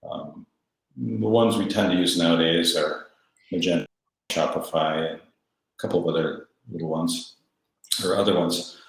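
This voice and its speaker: A man's voice: low voice, steady tone, unhurried, vocal fry, pauses often, slight background noise. A man who is a guest on an interview show, matter-of-fact with a dry sense of humor. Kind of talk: casual interview talk. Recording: very echoey room.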